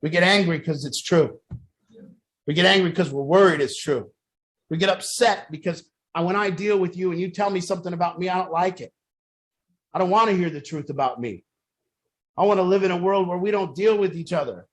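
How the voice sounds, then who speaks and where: A man's voice: high-pitched, fairly quick. A man speaking bluntly to a group, mixing tough advice with stories. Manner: blunt, profane, storytelling with acted quotes. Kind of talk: blunt motivational talk to a group.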